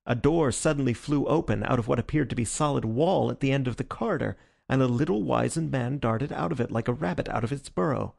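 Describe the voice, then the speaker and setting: A man reads a detective story in a measured, even manner. His mid-pitched voice carries a gravelly texture throughout. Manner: measured, even reading with calm character dialogue. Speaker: narrator. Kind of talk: audiobook reading of a detective story.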